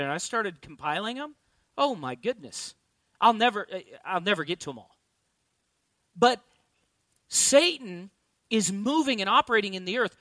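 Male preacher, high bright voice, emphatic sermon delivery with rhetorical questions, dry close sound. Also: no room sound. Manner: repeats key lines for emphasis.

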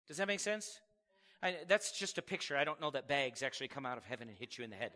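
A man preaching a sermon as pastor, animated and acting out little voices to make his points. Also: sits high, fast, long reverb tail. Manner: animated preaching, acts out voices of God and people.

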